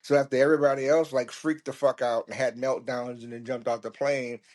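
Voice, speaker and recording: A man's voice: medium pitch, fairly quick. Profane man telling a story. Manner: profane, laughing, lively. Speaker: podcast host. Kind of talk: casual storytelling.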